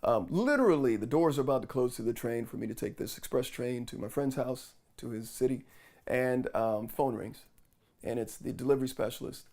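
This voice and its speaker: A man's voice: medium pitch, a little fast. A man vlogging, casually retelling a frustrating story with lots of quoted back-and-forth. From New York. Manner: animated retelling with quoted dialogue.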